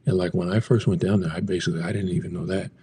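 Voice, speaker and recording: A man's voice: sits low, steady tone, very fast, warm tone, a little hiss or hum. A man from the United States talking casually, teaching travel Spanish phrases and rambling with lots of fillers. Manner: rambling, lots of "like" and "you know". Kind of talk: casual talk to camera.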